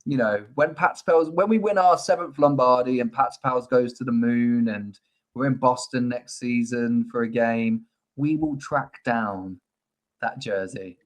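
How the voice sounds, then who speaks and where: A young man from Ireland or the UK co-hosts a sports podcast, chatting casually in a mid-range, unhurried voice. He's affable, joking and wandering off on tangents. The recording quality is low.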